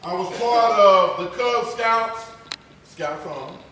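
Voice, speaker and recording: A man's voice: sits high, slow pace, faint music behind. Dramatic man in an echoey hall. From Texas. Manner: dramatic, swings from loud to hushed. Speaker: motivational speaker. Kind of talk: personal testimony speech. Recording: echoey hall, voice far from mic.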